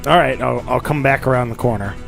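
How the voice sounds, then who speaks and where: A man's voice: medium pitch, quick pace, vocal fry, soft background music. A man playing a tabletop game, thinking aloud as he weighs his options. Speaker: player. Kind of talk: casual tabletop play.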